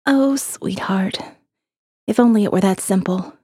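A woman voicing a tipsy, world-weary woman in an audiobook, soft and half-whispered. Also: medium pitch, lively intonation, unhurried, slightly rough, no room sound, clean studio sound. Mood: wry, indulgent. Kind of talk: audiobook character voice.

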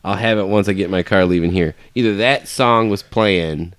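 A man in casual, crude chat with a friend, laid-back and swearing, with sudden loud bursts when a story gets going. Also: low-pitched, moderate pace, clean tone, no room sound.

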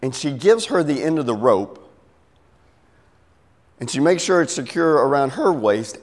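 A man's voice: mid-range voice, sing-song, a little slow, long pauses. A middle-aged man preaching a sermon, telling a story and acting out its voices with big swings. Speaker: pastor. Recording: long hall reverb.

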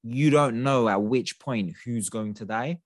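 A man casually retelling film scenes to a friend, animated and sprinkled with swearing. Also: medium pitch, a little slow, dry recording, clean studio sound.

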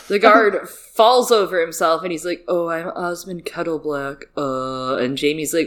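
Woman co-host, lowish voice, animated and jokey, swears freely, casual book chat. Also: unhurried. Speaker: podcast co-host.

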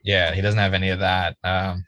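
A man's voice: low-pitched, moderate pace, dry recording. A man, casually and profanely talking through a TV episode as a podcast co-host, rambling with lots of "like"s. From Massachusetts. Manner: animated, profane, rambling with many "like"s. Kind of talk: casual chat reviewing a TV episode.

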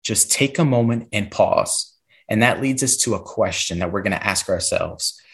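Man, podcast guest, lower voice, explanatory coaching delivery with rhetorical check-ins. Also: moderate pace, gravelly. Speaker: podcast guest, classroom behavior expert.

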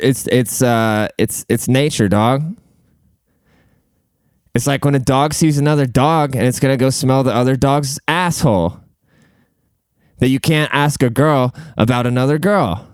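A man's voice: medium pitch, a little mellow, clean tone, no room sound, studio quality. A man hosting a casual solo podcast from a room at home, rambling bluntly and swearing freely. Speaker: podcast host.

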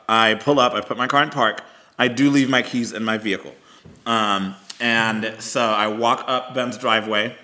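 A man, co-hosting a podcast and telling a story in an animated, chatty way, calling listeners y'all and girl. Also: mid-range voice. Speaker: podcast co-host. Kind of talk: casual storytelling chat.

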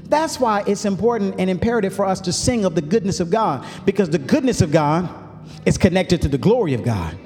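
High-voiced preacher man in a hall. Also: expressive, a little fast. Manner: preaching, rises to shouting, folksy asides. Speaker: pastor. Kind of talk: sermon.

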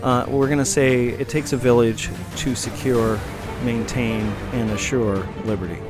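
A man's voice: medium pitch, fairly even intonation, unhurried, loud music behind the voice. A middle-aged man hosting a talk show, reading out rules in a dry, joking way. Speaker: host. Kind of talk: casual talk show banter.

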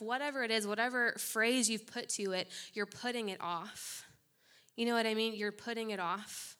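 A woman's voice: fairly high pitch, moderate pace, sharp tone, clean tone. A young adult woman giving a conversational youth sermon, direct and urgent, with playful asides and mock-voiced quotes. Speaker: guest speaker. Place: room full of young people.

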